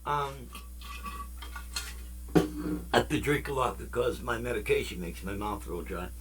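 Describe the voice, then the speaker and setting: A man's voice: medium pitch, animated, a little slow, fairly bright tone, slightly rough. Rambling laid-back male vlogger. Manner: rambling, full of fillers and tangents; laid-back, jokey, talks straight to viewers. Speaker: music channel host. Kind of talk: casual rambling vlog chat.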